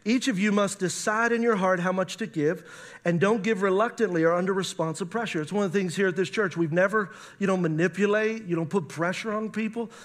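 A man's voice: high-pitched, fairly quick. A man, a pastor, preaching a sermon with emphatic rises and reading scripture aloud.

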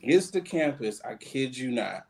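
A man co-hosting a podcast, telling a story in casual chat, laid-back with many pauses and fillers. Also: mid-range voice, expressive, gravelly, slight background noise. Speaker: podcast co-host.

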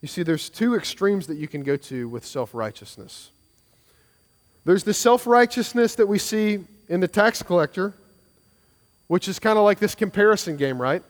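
A man's voice: high voice, animated, moderate pace, in a large hall. A man preaching a sermon as pastor, earnest and conversational, with frequent restarts and repeated phrases.

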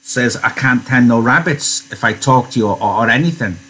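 A man's voice: mid-range voice, a little fast, sharp tone, husky. A man reading aloud and voicing a big, simple-minded young ranch hand who stammers and repeats his words like a child. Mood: anxious.

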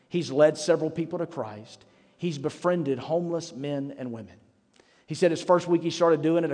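A man's voice: a little high, a little mellow. A man preaching a sermon as pastor, telling stories in a conversational way. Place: church sanctuary. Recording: long hall reverb with faint music.

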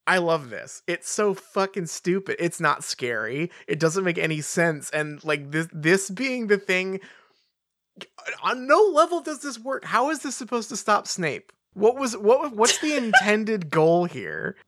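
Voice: mid-range voice, animated, measured pace, fairly bright tone, no echo, clean studio sound. A podcast co-host in casual chat, mocking and incredulous, often breaking into laughter.

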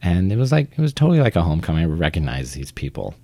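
Young theater guy from vermont, really deep voice, chatty, kinda self-deprecating, dry close mic. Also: big pitch swings, rapid-fire, warm tone, dry recording. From Vermont, United States. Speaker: interviewee, theater actor. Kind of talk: conversational interview.

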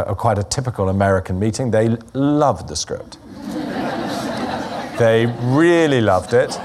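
Un homme d'âge mûr, scénariste, donne une conférence faite d'anecdotes. Il parle d'un ton ironique et mesuré, avec une voix très grave. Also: male voice, low voice, a little mellow. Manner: wry, self-deprecating, measured. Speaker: screenwriter giving a lecture. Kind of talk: anecdotal lecture.

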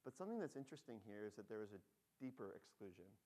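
A pastor preaching a sermon, telling the story with feeling, acting out excited voices and dropping soft on key points. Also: male voice, on the low side, racing.

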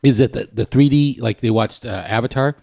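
A man's voice: mid-range voice, fairly quick, creaky, a little mellow, no echo. A man co-hosting a podcast in casual chat, with dry teasing remarks. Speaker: podcast host.

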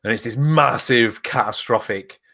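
A man co-hosting a podcast, riffing in an animated, sweary way. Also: mid-range voice, normal speed, vocal fry. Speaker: podcast co-host. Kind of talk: casual chat.

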